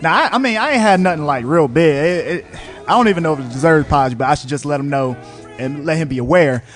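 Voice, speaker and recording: A man's voice: fairly high pitch, fast talker, soft background music. A man co-hosting a casual podcast chat, telling stories animatedly and swearing freely. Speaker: podcast co-host.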